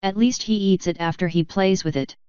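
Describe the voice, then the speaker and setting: A woman's voice: mid-range voice, steady tone, fairly quick, mellow, clear, resonant tone, no room sound, highs cut off, natural voice. A woman voicing a mischievous male chaos creature who teases his family in a playful way. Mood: teasing. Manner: teasing, playful.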